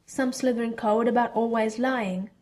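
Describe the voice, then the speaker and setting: A woman's voice: on the high side, steady tone, moderate pace, darkish tone, lightly acted. A woman voicing a fierce, blunt teenage witch girl who speaks in a snappish, contemptuous way. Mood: subdued.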